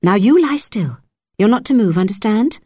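A woman voicing a young female army nurse, patient but firm and chiding, pitched higher than her narration. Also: lively intonation, moderate pace, dark tone, husky, no echo, clean studio sound.

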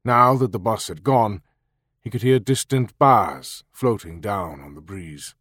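Low-voiced male audiobook narrator. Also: breathy edge, no room sound, studio quality. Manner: measured, even storytelling.

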